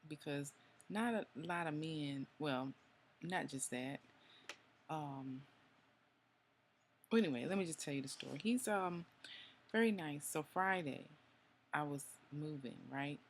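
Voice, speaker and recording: Woman, about forty, vlogging; gravelly, chatty, confiding, lots of ums. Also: deep voice, a little slow, long pauses, slight background noise. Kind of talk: casual personal storytelling.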